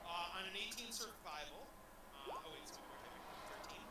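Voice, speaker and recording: A man narrating a tabletop game as game master, halting and full of fillers. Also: high-pitched, animated, far from the mic, very noisy.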